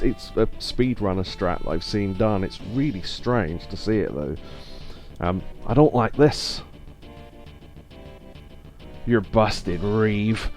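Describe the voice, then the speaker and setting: A man streaming a live video game playthrough, chatting in a rambling way with quick laughs. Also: fairly low pitch, warm tone. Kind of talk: live let's play commentary.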